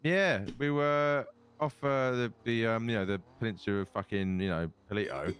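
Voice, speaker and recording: A man's voice: lowish voice, moderate pace, fairly bright tone, clean tone. A tired man rambling and swearing in casual in-character chat while roleplaying in an online crime game.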